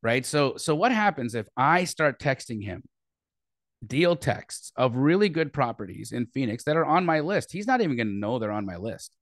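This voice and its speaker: A man hosting a live show, talking excitedly and laughing, often repeating himself. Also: mid-range voice, normal speed, no echo, studio quality. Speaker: real estate investor host. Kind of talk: casual chat.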